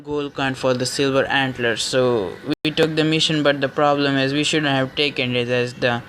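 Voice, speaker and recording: A man casually retelling a fan story, rambling with frequent cursing and halting restarts. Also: medium pitch, steady tone, noisy background. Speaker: story narrator.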